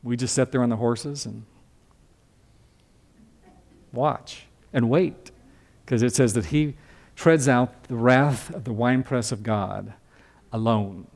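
A man's voice: mid-range voice, slow pace, vocal fry, pauses often, darkish tone. An older man preaching a sermon as a pastor, teaching from scripture in a conversational way and asking the congregation questions.

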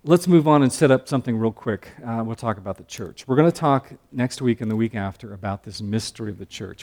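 A man's voice: medium pitch, lively intonation, a little fast. Man teaching scripture with rising fervor. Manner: dynamic, swings between loud emphasis and quiet asides; conversational with joking asides to the audience. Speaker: Bible teacher. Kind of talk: sermon-style Bible teaching.

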